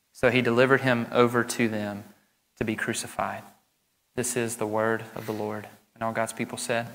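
A man's voice: mid-range voice, fairly bright tone. A man, a pastor, reading scripture and preaching a sermon in an earnest, emphatic way. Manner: earnest and emphatic, speeding up when explaining. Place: church sanctuary. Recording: reverberant church hall.

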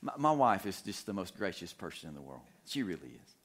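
A man's voice: deep voice, sing-song, a little fast, a bit bright. A man preaching a sermon as pastor, repeating phrases and putting questions to the congregation. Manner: repetitive, emphatic, asks the congregation questions.

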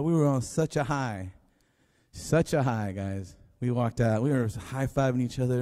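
Pastor guy preaching, chatty and rambly, mellow voice, big echoey church hall. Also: mid-range voice, unhurried. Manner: rambling, conversational, with many restarts. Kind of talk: sermon storytelling. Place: church sanctuary. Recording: long hall reverb.

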